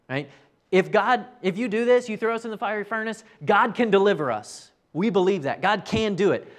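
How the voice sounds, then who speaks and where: A man's voice: sits high, animated, normal speed. A man preaching a conversational sermon, telling the story earnestly and often checking in with his listeners by asking "right?". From United States. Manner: tags many sentences with "right?".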